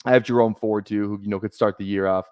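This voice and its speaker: A man's voice: on the low side, steady tone, quick pace, dark tone, smooth, no room sound, studio quality. A man streaming casually, thinking aloud in a rambling way with lots of fillers. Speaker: fantasy football streamer. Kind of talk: casual live-stream commentary.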